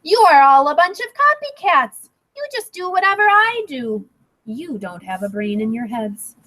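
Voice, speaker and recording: A woman reading aloud and voicing a stubborn, defiant little girl in a storybook, speaking high, slow and insistent. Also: steady tone, dark tone, breathy edge, natural voice, low-quality recording. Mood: scornful.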